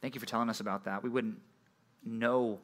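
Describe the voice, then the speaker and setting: A young man, a youth pastor, giving a casual sermon to a junior high group, telling a rambling personal story full of fillers before turning to a prayer. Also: steady tone, brisk, a bit bright.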